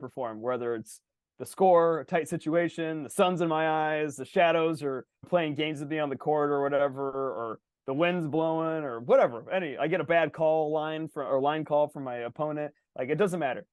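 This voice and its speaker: A man with a fairly high voice hosts a casual chat, rambling through an animated story with plenty of restarts. He swears freely, and the sound is dry with no room around it. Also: moderate pace, no echo. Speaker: podcast host.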